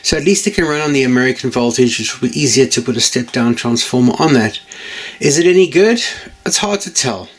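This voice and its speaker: This British man hosts his own channel, chatting casually to camera in an animated, fairly quick mid-range voice. His talk is rambling and jokey, and he often corrects himself mid-sentence.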